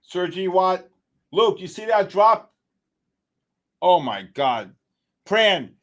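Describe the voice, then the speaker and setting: A man hosting a live trading stream, giving excitable, exclamatory market commentary and calling out viewers by name. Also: high-pitched, slow pace.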